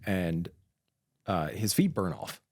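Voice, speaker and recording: A man co-hosting a podcast about emergency medical work, telling stories with dark jokes and laughing often. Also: sits low, very animated, takes it slowly, no room sound, clean studio sound. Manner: joking, laughs at his own dark humor. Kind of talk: casual chat.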